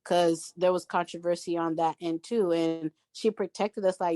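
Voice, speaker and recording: A woman guesting on a podcast, telling a story in an animated, emphatic way and acting out what people said. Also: fairly low pitch, moderate pace, few pauses, no room sound. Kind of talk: casual storytelling chat.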